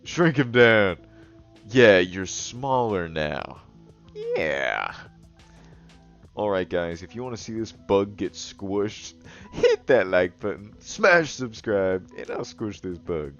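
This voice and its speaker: Speaking slowly in a low, slightly bright voice whose pitch swoops wildly, this man draws and riffs crudely for his audience. He laughs a lot and plays up his self-styled Goblin King persona, and the lo-fi audio sounds dull with faint music underneath.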